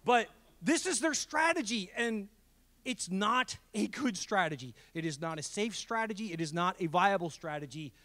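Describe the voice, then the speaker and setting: A man giving a fast-paced, emphatic presentation talk with jokes at a community event. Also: sits high. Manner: energetic, emphatic, joking. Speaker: guest speaker. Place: college event hall.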